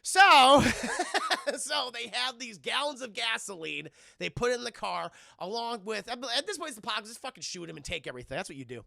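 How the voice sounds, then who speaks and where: A man's voice: very high voice, sing-song, a little fast, gravelly, bright, forceful tone, no room sound, clean studio sound. A man recapping a film scene by scene to his live chat, rambling, profane and mocking. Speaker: streamer reviewing a film.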